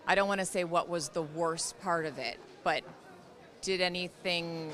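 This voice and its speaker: Bright-voiced woman interviewer. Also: fairly low pitch, moderate pace. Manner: probing, hesitant questions. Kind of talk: interview questions.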